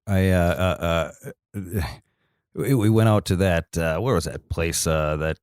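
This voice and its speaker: Deep-voiced, slow Wisconsin man. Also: a little mellow, clear, resonant tone, dry recording, studio quality. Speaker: actor, guest. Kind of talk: casual podcast chat.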